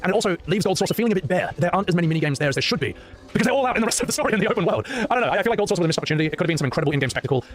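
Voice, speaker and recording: A man's voice: high-pitched, animated, very fast, soft background music. A man streaming and chatting casually about games, opinionated and joking, prone to rants. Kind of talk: casual gaming chat.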